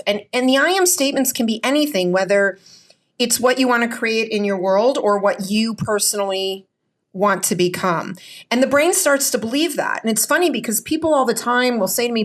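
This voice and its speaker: A woman physician and author as a podcast guest, talking in an energetic, emphatic way and often adding "right?". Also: a little high, normal speed. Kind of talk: conversational interview storytelling.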